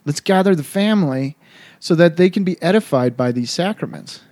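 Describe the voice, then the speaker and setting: A man's voice: a little high, animated, a little fast, a little mellow, no echo, clean studio sound. A man, a Catholic priest, telling stories in an earnest, reflective casual conversation.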